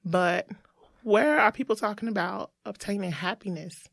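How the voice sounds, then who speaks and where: A woman's voice: medium pitch, moderate pace, vocal fry, fairly bright tone, dry recording, studio quality. Earnest reflective woman guest. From United States. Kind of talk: casual interview chat.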